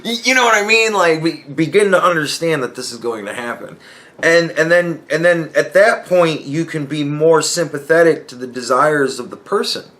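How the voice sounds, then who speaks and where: A man's voice: fairly high pitch, moderate pace, a bit bright. A young man hosting a podcast, talking in a rambling, profane, casual monologue and laughing as he tells stories. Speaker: podcast host.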